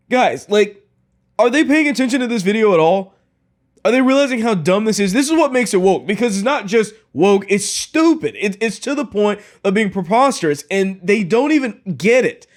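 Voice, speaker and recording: High-voiced man, incredulous commentary. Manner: incredulous, mocking, repeats words. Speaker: commentary host. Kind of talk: reaction commentary.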